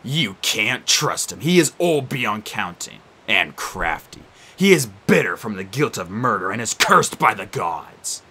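Sneering ghost of an ancient king, low and unhurried, menacing, read by a male narrator. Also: very animated, sharp tone, husky, exaggerated voice. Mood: sneering menace. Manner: slow, mocking, menacing.

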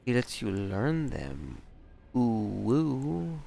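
A man giving casual, excitable let's-play commentary, swearing and exclaiming often. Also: mid-range voice, drawn-out words, gravelly, slight background noise. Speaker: gamer.

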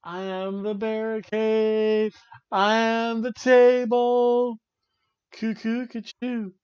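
A dim-witted talking barricade, voiced by a man in a slow, high, sing-song way. The recording sounds dry and a little muffled. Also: monotone, smooth, dry recording. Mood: goofy.

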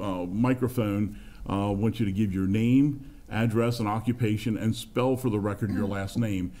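A man with a low, dark, mellow voice chairs a public zoning hearing. He lays out the procedure step by step in a formal tone, often stumbling and restarting mid-sentence. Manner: procedural, repeats and restarts while explaining. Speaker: board chairman.

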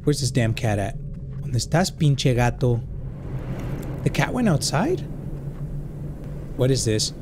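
Man, gamer, horror playthrough, swears a lot, Spanish slang, very expressive pitch. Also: slow pace, long pauses, noisy background. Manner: swears a lot, thinks out loud. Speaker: gaming YouTuber. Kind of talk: reacting to a horror game playthrough.

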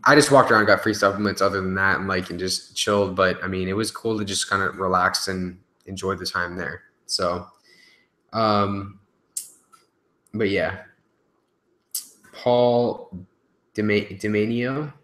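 Young man, deep voice, bright forceful tone, casual live stream chat, loose and profane, echoey room. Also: flat delivery, measured pace, pauses often. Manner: loose and chatty, with fillers and swearing. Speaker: YouTuber answering live stream questions.

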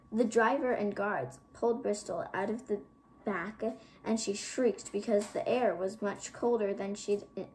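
A woman's voice: medium pitch, a little mellow, a little hiss or hum, low-quality recording. A woman narrating a children's fantasy book aloud, reading steadily with occasional slips and restarts. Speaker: audiobook reader. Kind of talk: storybook narration.

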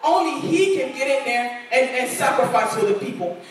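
A woman's voice: sits high, animated, normal speed, slight background noise. A woman preaching a sermon in a church, earnest and repeating lines for emphasis. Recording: echoey church hall, voice from far off.

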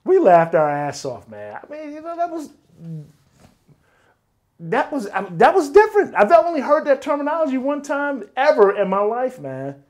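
A man telling stories as an interview guest, animated, swearing freely, peppering his talk with "man" and acting out other people's lines. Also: very high-pitched, moderate pace. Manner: animated, swears often, keeps saying "man". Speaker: interview guest, former bodyguard. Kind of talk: casual storytelling.

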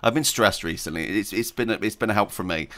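A man's voice: lowish voice, fast talker, fairly bright tone. A man hosting a gaming video, chatting casually and rambling while he plays, laughing often and talking to himself. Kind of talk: casual gameplay commentary.

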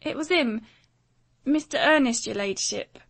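A woman's voice: high-pitched, normal speed, a little mellow. A woman playing a nervous, deferential young maid. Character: timid young maid, flustered.

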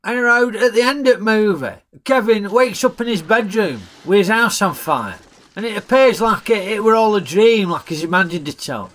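Man, casual film review, chatty, jokey, broad dialect, fairly high voice. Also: animated, normal speed, fairly bright tone. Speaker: film reviewer, channel host.

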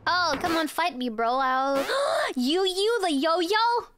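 A woman streamer giving excitable, giggly game commentary, often stammering and shouting. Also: very high voice, slow, a little hiss or hum. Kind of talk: game let's-play commentary. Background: game music.

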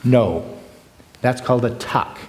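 Male lecturer, expressive, loud-to-hushed swings, recorded in a reverberant hall. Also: medium pitch, moderate pace. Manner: animated, shifts between loud bursts and hushed asides. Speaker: preaching workshop speaker. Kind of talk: conference lecture with demonstrations. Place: large hall with long reverb. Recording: echoey hall from far off.

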